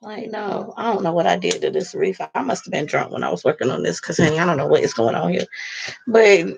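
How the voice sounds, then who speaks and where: A woman's voice: lowish voice, expressive, fairly quick, gravelly, a little hiss or hum. A woman talking straight to her vlog audience, bluntly and profanely, telling a heated personal story while she crafts a wreath. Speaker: vlogger. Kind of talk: casual vlog rant.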